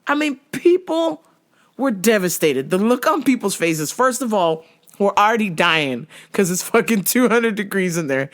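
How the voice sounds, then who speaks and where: A woman hosting her own show, telling a comic story in profane, animated language and laughing often. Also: mid-range voice, normal speed. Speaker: podcast host.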